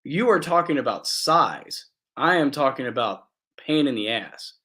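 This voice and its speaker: A man's voice: medium pitch, expressive, measured pace, sharp tone, breathy edge. A man co-hosting a casual talk show, hesitant and jokey, often restarting his sentences. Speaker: podcast co-host. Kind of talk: casual chat.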